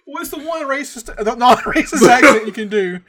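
A woman's voice: fairly high pitch, expressive, normal speed, crowd noise. A woman from the South, chatting on a podcast with sarcastic, playful teasing. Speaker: podcast co-host. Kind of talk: casual chat.

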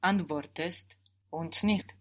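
A woman's voice: fairly low pitch, slow. A woman answering as a student in a language lesson, tentatively working out her replies word by word.

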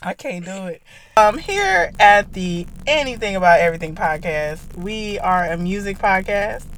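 A woman hosts a loose podcast chat, teasing and joking in slang with frequent laughter. Her pitch moves in a lively way around a middle register. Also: normal speed, slight background noise. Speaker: podcast host. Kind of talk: casual chat.

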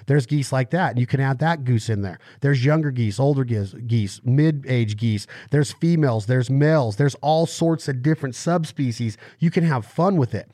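A man hosting a casual podcast interview, explaining at length in animated bursts. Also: mid-range voice, moderate pace, few pauses, no room sound, clean studio sound. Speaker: podcast host.

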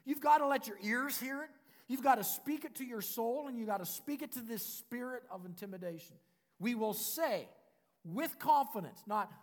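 A man preaching a sermon as pastor, in an emphatic style that repeats declarations and builds to loud passages. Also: very high-pitched, expressive, normal speed. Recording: long reverb of a church hall.

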